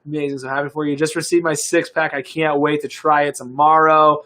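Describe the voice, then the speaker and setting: On a live stream, a young adult American fitness coach chats in a casual, upbeat way while pitching a product, rambling with fillers and restarts. His delivery is flat, fairly quick, and sharp in tone.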